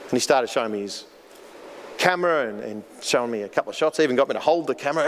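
A man's voice: medium pitch, lively intonation, fast talker, slight background noise. A man preaching a sermon as pastor, earnest and storytelling, often repeating words as he goes. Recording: long hall reverb.

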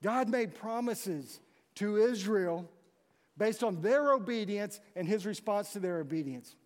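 A man's voice: high voice, measured pace. A man preaching a conversational sermon and acting out the people in the story. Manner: conversational, animated storytelling with acted-out quotes. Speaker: pastor. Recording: long hall reverb.

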